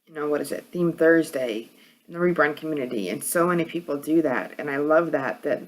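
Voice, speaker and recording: Speaking a little fast in a low, hard, edgy voice, a woman with a New York accent chats casually as a vlogger. She rambles, with many fillers and restarts.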